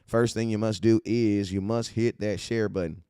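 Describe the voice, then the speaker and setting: A man from California hosting a casual fan-show livestream, hyped and slangy as he shouts out his viewers. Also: on the low side, fairly even intonation, normal speed, smooth, no echo, studio quality. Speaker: livestream host.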